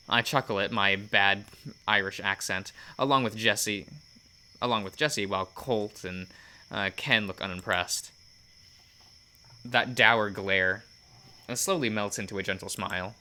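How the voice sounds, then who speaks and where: A man hosting a let's play, reading a visual novel aloud in a casual, unpolished way, stopping to correct himself now and then. His voice sits on the low side but has a strongly bright, forceful tone. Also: steady tone, measured pace. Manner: casual narration with fillers and self-corrections.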